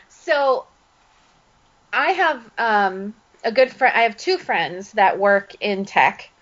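A woman co-hosting a podcast, telling a story in a lively, laughing way. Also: medium pitch, extremely slow. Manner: animated storytelling with frequent laughs. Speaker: podcast co-host. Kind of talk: casual chat. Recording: dull lo-fi audio.

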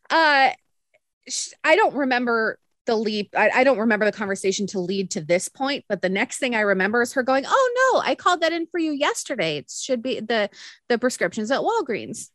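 A young woman telling a story on a podcast, animated and laughing often as she acts out what others said. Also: a little high, no echo. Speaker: podcast co-host. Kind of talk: casual storytelling chat.

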